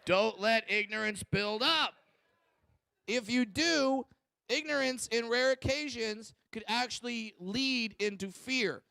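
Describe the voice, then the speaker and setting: Brash, high-voiced comedian. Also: male voice, takes it slowly, bright, forceful tone, clean tone, no echo. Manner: crude, brash, profane storytelling. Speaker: stand-up comedian. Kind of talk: stand-up comedy set.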